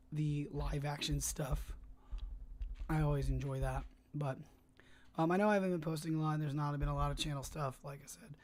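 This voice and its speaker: Flat-voiced streamer chatting while editing. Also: medium pitch. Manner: rambling, hesitant, many fillers and restarts. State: talking around a cough drop. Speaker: livestreamer and fan filmmaker. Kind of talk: casual livestream chat while editing. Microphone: desk microphone, tested on stream.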